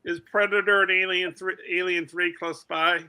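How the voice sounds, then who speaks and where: A man's voice: high voice, little pitch movement, pushed and bright, smooth. A man from Canada chatting casually as co-host, asking lots of questions and trailing off when unsure. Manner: questioning, halting. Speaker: podcast co-host. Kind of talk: casual chat.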